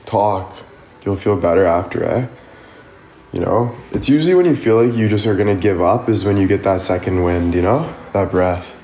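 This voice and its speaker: On a livestream, a social media creator offers casual, rambling motivational talk packed with "like" and "you know." His voice is low and a little mellow at a normal speed, with a bit of hiss or hum, in an echoey room with faint music in the background.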